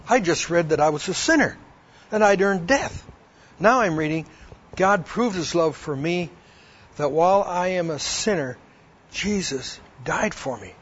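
A man's voice: on the high side, animated, unhurried, a bit bright, husky. A man giving a personal testimony, acting out both sides of a past conversation and reading verses aloud. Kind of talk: personal testimony told to a women's audience. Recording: dull lo-fi recording.

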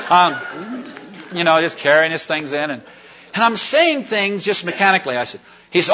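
A man's voice: fairly high pitch, very animated, fairly quick, background noise. A man giving a sermon testimony, telling a personal story in a rambling, folksy way with many fillers and restarts. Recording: dull lo-fi recording.

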